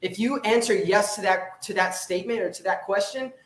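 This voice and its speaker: A young male fitness coach preaches to viewers of a live stream with fired-up intensity, swearing and repeating lines. His voice sits high for a man. The sound is roomy and echoey. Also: a little fast, a bit bright. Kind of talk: motivational live-stream pep talk.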